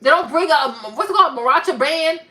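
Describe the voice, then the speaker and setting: High, bright-voiced woman ranting. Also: quick pace. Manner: animated, emphatic, repeats herself for effect. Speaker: vlogger. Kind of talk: ranting commentary.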